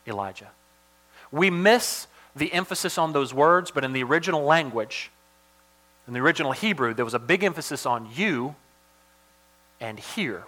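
Male pastor, sermon delivery, bright tone, animated with dynamic swings. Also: mid-range voice, normal speed. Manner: animated, swings from loud emphasis to hushed asides.

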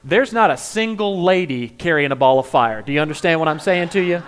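A man's voice: on the high side, expressive, a little fast, fairly bright tone, clean tone. A man giving a comedic monologue, full of playful joking asides. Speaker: comedic speaker.

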